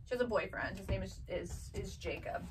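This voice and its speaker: A woman's voice: mid-range voice, fairly quick, recorded from a distance, background noise. A woman in her thirties chatting casually as a seller and mother, telling family stories and acting out her children's voices. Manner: chatty storytelling, acts out her kids' voices. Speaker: vintage box seller and mother. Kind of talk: casual chat.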